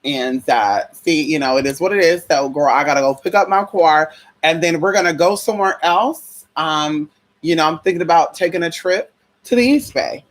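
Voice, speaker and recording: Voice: mid-range voice, normal speed. A vlogger telling a story in a casual, profane, chatty way, calling viewers y'all, girl and honey.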